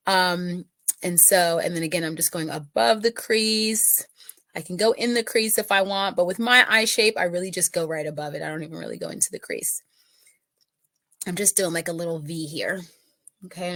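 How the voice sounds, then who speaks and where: A middle-aged woman walks viewers through her makeup in a relaxed, chatty way, often checking in with them as she goes. Her voice sits at an ordinary middle pitch. The sound is dry and close. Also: no echo. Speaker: makeup consultant. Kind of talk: casual makeup tutorial.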